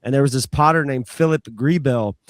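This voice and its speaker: Co-host dude, mid voice, chatty trivia explaining, dry close mic. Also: male voice, medium pitch, brisk, no room sound. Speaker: podcast co-host. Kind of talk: casual chat.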